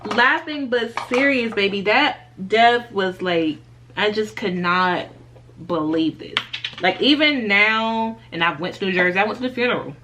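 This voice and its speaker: A young woman vlogger giving a candid life update, chatting straight to her viewers as y'all and baby and laughing softly through a sad story. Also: mid-range voice, measured pace, background noise.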